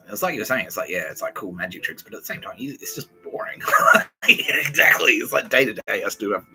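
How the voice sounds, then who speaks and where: A man's voice: on the low side, lively intonation, quick pace, vocal fry, over loud music, rough recording. A man hosting a podcast, rambling through profane casual banter and laughing often. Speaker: podcast host.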